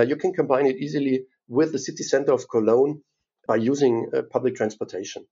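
A man's voice: medium pitch, dark tone, breathy edge, dull audio. A man from Bavaria with a German accent, a tourism board chief answering interview questions in English, hesitant with many fillers. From Bavaria, southern Germany. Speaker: tourism board CEO, guest.

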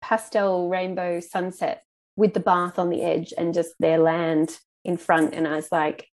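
A woman's voice: on the low side, level tone, unhurried, a little mellow. A woman hosting a podcast interview, introducing her guest with enthusiasm. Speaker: podcast host.

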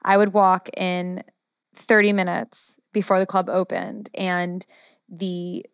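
A woman's voice: fairly low pitch, little pitch movement, slow, clean tone, no room sound, studio quality. An American woman hosting an interview, chatty and effusive, sharing personal stories between questions. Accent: American English. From United States. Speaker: interview host. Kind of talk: casual interview conversation.

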